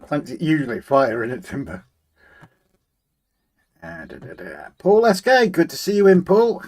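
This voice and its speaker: A man hosts a relaxed livestream from his model railway room. He reads out viewer comments, greets each person by name in a friendly, chatty way, and hums to himself while he tinkers with the layout. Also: fairly high pitch, unhurried. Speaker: livestream host. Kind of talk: casual live chat, reading out viewer comments.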